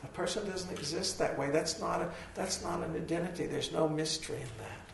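A hoarse man giving a slow, reflective dharma talk to a group, pausing as he thinks. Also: on the high side. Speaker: meditation teacher. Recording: echoey hall from far off, faint noise.

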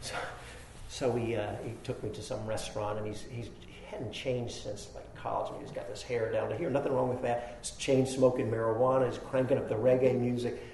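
A man's voice: mid-range voice, flat delivery, fairly quick, a little mellow, reverberant, a little hiss or hum, poor audio. A man giving a dharma talk, telling a self-deprecating personal story with laughs and then teaching. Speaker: meditation teacher.

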